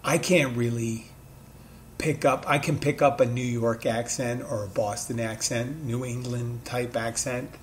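A man's voice: mid-range voice, steady tone, a little slow. Podcast host, male, mid-Atlantic accent with a Philly touch, rambling casual storyteller, light room hum behind. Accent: mid-Atlantic with a light Philadelphia touch. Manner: rambling, conversational, self-correcting asides.

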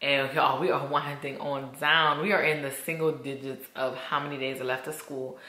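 Chatty woman vlogger, bright echoey room. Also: rumbling low, flat delivery, normal speed. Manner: chatty, candid, says y'all a lot. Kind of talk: casual vlog chat to camera. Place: at home.

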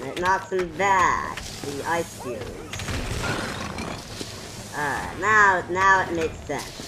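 Slow-talking playful gaming guy. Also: a little high, very animated, background noise. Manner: playful, hums and chants button names. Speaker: gamer. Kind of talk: casual let's-play commentary. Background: game music and sound effects.

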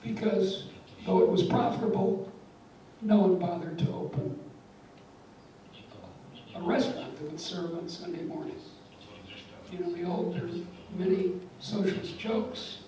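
A woman's voice: on the low side, fairly even intonation, unhurried, long pauses, warm tone, a little hiss or hum. An older woman giving a public lecture, wry and emphatic, telling stories and jokes. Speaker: guest lecturer. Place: lecture hall. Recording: echoey lecture hall from far off.

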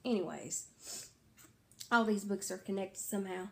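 A woman's voice: on the high side, unhurried, darkish tone. Tired woman rambling about books. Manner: rambling, self-correcting, filler-heavy. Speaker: book vlogger. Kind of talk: casual book chat to camera.

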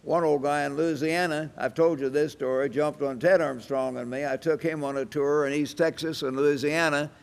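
Gravelly old man preaching in a hall. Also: on the high side, fairly even intonation, normal speed, few pauses. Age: 80s. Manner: folksy anecdotal storytelling with chuckles. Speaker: church evangelist preaching. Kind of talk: sermon. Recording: reverberant hall sound.

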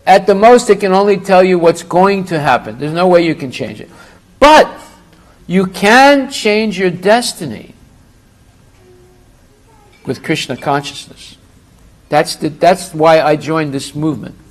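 A man's voice: sits high, expressive, measured pace, pauses often, low-quality recording. A middle-aged man giving a religious class, telling humorous anecdotes and acting out dialogue before rising to emphatic points. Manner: storytelling, acts out dialogue, rising to emphatic outbursts.

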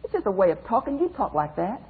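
A man's voice: high voice, big pitch swings, fast, breathy edge. A man teaching as a pastor in a Bible study lecture, emphatic, repeating phrases and speaking straight to his listeners. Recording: phone-like narrow band audio.

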